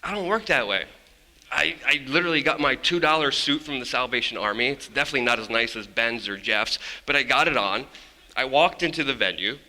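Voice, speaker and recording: A man, a journalist, giving an energetic, blunt storytelling talk on a conference stage, swearing casually as he goes. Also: medium pitch, a little fast. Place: large conference hall stage. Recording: long hall reverb.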